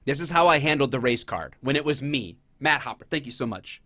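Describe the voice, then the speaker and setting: Animated sarcastic male commentator. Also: medium pitch, fairly quick, dry recording, clean studio sound. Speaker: host. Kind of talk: casual commentary.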